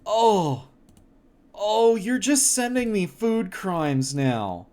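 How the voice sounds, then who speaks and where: A man streaming casually, laughing often and reacting to things with loud mock horror and swearing. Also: high voice, sing-song, very slow. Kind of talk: casual livestream chat.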